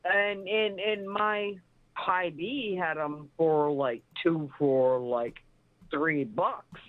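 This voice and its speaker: A woman in her sixties calling into a talk show, rambling excitably and swearing freely. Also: low voice, very slow, no room sound. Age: 60s. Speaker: caller. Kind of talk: casual phone-in chat. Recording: tinny phone line, dry.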